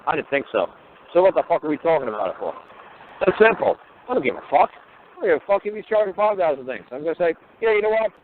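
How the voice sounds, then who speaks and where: A man with a somewhat high voice talks bluntly, swearing freely and firing off one rhetorical question after another. He is heard over a tinny, phone-like line, as a speaker on a call-in talk show. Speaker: talk show guest lecturer.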